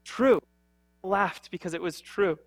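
Young man, pastor, sermon, high-pitched, earnest, conversational, mains hum. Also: fairly even intonation, normal speed, a bit bright. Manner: earnest, conversational, with frequent fillers and restarts.

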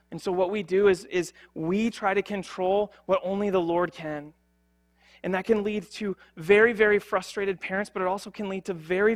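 A young man preaching a sermon as a pastor, earnest and conversational, with frequent fillers and restarts. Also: sits high.

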